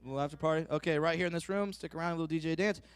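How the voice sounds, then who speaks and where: A man's voice: fairly even intonation, racing, smooth, no echo. A man doing live stand-up comedy, brash and profane, who works the crowd and mimics other people. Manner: brash, profane, loud punchlines, teasing the audience; mimics others in higher voices.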